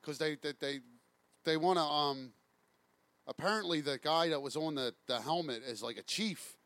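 A man co-hosting a casual sports show from a bar, asking trivia and talking in a laid-back, halting way. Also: fairly high pitch, fairly bright tone, dry recording. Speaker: sports talk show co-host.

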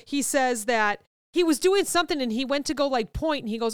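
Chatty woman podcaster, smooth and close. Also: high-pitched, brisk, dry recording. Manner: chatty, animated storytelling with quoted voices. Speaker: podcast co-host. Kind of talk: casual chat.

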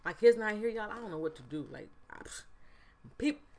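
A woman, hosting a casual solo podcast from home and telling stories with big, animated jumps in pitch. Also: fairly quick. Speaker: podcast host.

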